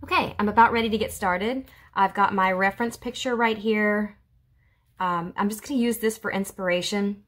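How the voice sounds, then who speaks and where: A woman's voice: medium pitch, fairly even intonation, moderate pace, fairly bright tone. A woman art teacher with a Southern US accent, giving a friendly home video art lesson for children and explaining as she draws. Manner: friendly, chatty, explains while drawing. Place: home room. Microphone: phone camera.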